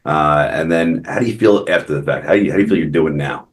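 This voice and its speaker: A man's voice: a bass voice, fast. A man hosting a local business podcast, asking questions and repeating himself as he finds his words. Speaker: podcast host. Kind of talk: interview questions.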